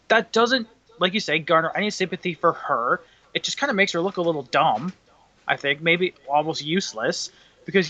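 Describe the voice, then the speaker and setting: Bright-voiced sarcastic young man. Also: fairly high pitch, no echo, muffled recording. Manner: sarcastic, blunt. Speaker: wrestling podcast co-host. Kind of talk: casual review chat.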